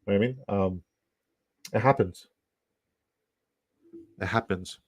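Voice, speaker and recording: A man's voice: fairly low pitch, a little slow, slightly rough, dry recording. A man from Canada hosting a live stream in casual chat, rambling, swearing and repeating himself.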